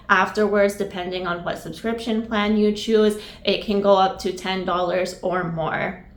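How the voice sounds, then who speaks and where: A woman hosting a software tutorial, upbeat and enthusiastic, her voice nasal from a recent cold. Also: medium pitch. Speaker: video tutorial host. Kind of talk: screen-recorded software tutorial.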